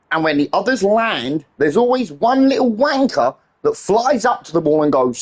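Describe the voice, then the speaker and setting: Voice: mid-range voice, expressive, moderate pace, hardly any pauses. A gaming streamer ranting on a live stream in an exasperated, heavily swearing way.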